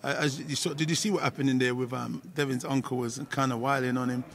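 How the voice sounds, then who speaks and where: A man's voice: medium pitch, steady tone, fast, a bit bright. A man talking as a guest in a casual interview, often starting with "listen" and restarting his sentences. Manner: repeats "listen", restarts often, laughs easily.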